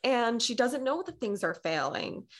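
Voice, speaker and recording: A woman's voice: on the high side, sing-song, measured pace, a bit bright. A young woman who is a blogger, chatting casually and telling a personal story with lots of "like", acting out the people she quotes and sometimes dropping to a near-whisper. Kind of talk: casual chat.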